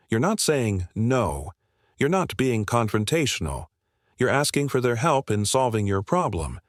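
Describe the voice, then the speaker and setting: A man giving scripted narration in a measured, confident storytelling manner, asking the listener rhetorical questions. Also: mid-range voice, dry recording, clean studio sound.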